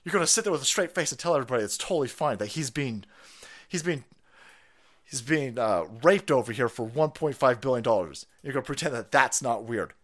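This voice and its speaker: A man's voice: mid-range voice, animated, a little fast. Profane ranting livestream man. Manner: profane, sarcastic, shouting outbursts. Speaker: livestream host. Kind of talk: ranting political commentary.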